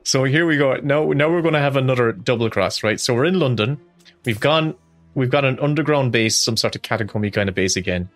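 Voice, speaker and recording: A man co-hosting a film commentary podcast in casual chat, recapping the plot with quick asides. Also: mid-range voice, dry recording, soft background music. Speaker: podcast co-host.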